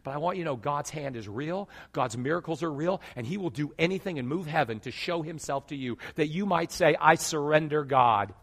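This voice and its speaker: A man with a fairly high voice preaching a sermon. He tells his stories in a low, hushed way, then climbs into loud, emphatic calls to the congregation. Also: lively intonation, fairly quick, few pauses, slightly rough. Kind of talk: sermon with storytelling.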